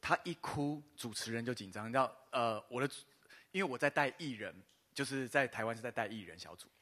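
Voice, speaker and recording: A man, a pastor telling a personal story in a sermon, pausing in short bursts for an interpreter. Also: mid-range voice. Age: 50s. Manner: lively storytelling pauses for an interpreter. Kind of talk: sermon testimony.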